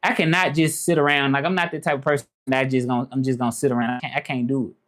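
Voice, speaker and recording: A man chatting casually on a live stream, relaxed and rambling, often asking "you know what I'm saying". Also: mid-range voice, rapid-fire.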